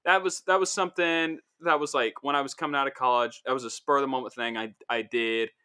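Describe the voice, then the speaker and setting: A man in his twenties hosting a casual podcast chat, telling rambling stories with animated asides. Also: medium pitch, fast, smooth. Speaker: podcast host.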